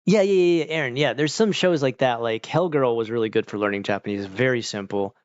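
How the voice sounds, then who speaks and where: A man's voice: medium pitch, fairly quick, clean tone, dry recording, muffled recording. A man streaming and chatting casually with viewers, rambling, saying "like" a lot and laughing often. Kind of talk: casual chat.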